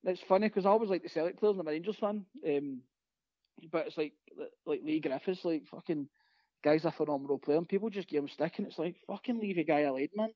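A Scottish stand-up comedian telling rapid, sweary, laughing stories in a casual chat. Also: male voice, a little high, no echo, lo-fi sound.

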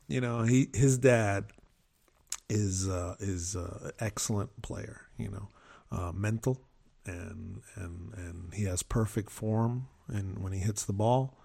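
A man in his fifties chatting casually on a podcast, telling rambling stories with animated asides. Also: fairly low pitch, measured pace, vocal fry, husky. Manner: rambling, with frequent restarts and animated quoted asides. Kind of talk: casual storytelling chat.

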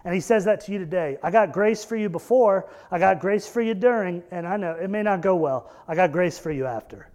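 A man preaching a sermon, earnest and emphatic, repeating key phrases and building to loud peaks. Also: sits high, a little fast, few pauses. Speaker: pastor.

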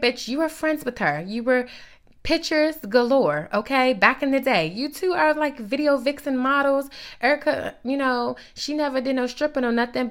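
A woman's voice: high voice, fairly bright tone. A young woman ranting through celebrity gossip in a blunt, sassy way, swearing constantly. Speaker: gossip commentator. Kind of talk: profane celebrity gossip rant.

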